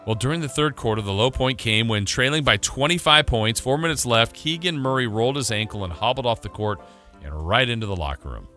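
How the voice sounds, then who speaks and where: Brisk sports radio man recapping. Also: mid-range voice, lively intonation, bright, forceful tone, soft background music. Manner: brisk play-by-play recap, laughs at the drops. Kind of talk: recapping games over sound drops.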